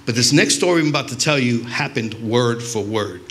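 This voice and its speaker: Bright-voiced, foul-mouthed stand-up comic. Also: male voice, mid-range voice, expressive, moderate pace, faint music behind. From New York. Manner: profane, rambling, self-interrupting. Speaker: stand-up comedian. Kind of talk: stand-up storytelling.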